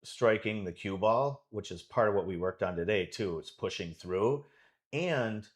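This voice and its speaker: A man's voice: on the low side, a little slow. A man coaching and commentating a pool match live from his club, enthusiastic and rambling with many restarts.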